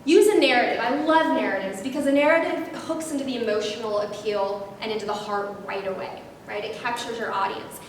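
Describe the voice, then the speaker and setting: A woman presenting a public speaking workshop, lively and animated, often checking in with "right?". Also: brisk, few pauses. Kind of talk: instructional workshop talk. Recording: very echoey room, distant mic, faint rumble.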